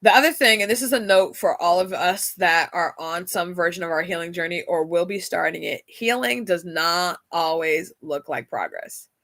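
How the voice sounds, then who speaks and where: A woman's voice: on the low side, animated, normal speed, hardly any pauses, fairly bright tone, no echo, clean studio sound. A woman hosting a casual faith-based talk, chatty and laughing often as she speaks straight to her listeners. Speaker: podcast host.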